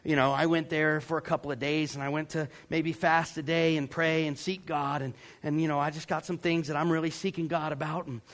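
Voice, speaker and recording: A man from Georgia, preaching a sermon as a pastor, telling a story with animated acted-out voices. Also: on the high side, brisk, few pauses. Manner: animated, acts out voices and yells for effect.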